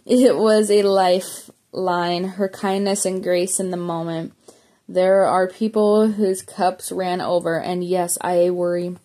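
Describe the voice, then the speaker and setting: A woman's voice: fairly low pitch, mellow. A woman reading a memoir aloud as an audiobook, plainly, with small slips and self-corrections. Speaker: audiobook reader.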